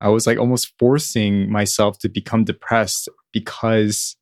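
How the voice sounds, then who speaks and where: Man, podcast guest, lowish voice, dry room, reflective, easy laughs. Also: flat delivery, measured pace, dry recording. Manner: reflective, laughs while he talks. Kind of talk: casual conversation.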